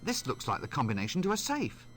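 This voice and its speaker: A man's voice: fairly high pitch, wildly swooping pitch, fast, fairly bright tone, faint music behind. An actor playing a wry, cowardly male wizard hero in a video game, muttering sly asides to himself.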